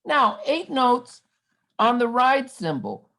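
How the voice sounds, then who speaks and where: A woman reading her own poem at an online event, wry and lively, calling out counts in quoted lines. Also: high voice, unhurried, rough recording. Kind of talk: poetry reading. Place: home video call. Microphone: video call.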